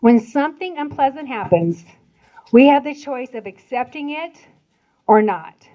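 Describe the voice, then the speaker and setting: A woman in her sixties from Indiana giving a chatty, animated church talk with laughing asides. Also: sits high, measured pace. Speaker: church speaker. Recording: dull lo-fi sound.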